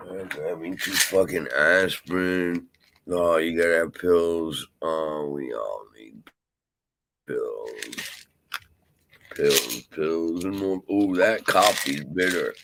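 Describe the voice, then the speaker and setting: A man's voice: low voice, slow pace, noisy background. A man rambling and swearing freely in a casual vlog monologue. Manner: profane, rambling, grumbling. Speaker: vlogger.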